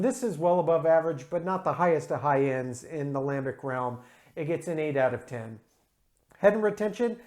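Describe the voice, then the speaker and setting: A man's voice: fairly high pitch, a little mellow. Male beer reviewer, enthusiastic, talks through tasting notes with plenty of ums. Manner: enthusiastic, descriptive, frequent um and uh. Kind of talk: casual solo review.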